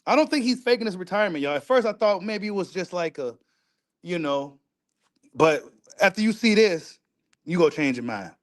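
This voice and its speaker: A man's voice: high-pitched, lively intonation, normal speed. Emphatic man riffing in casual commentary. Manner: repetitive, emphatic, profane street talk. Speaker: host reacting to video.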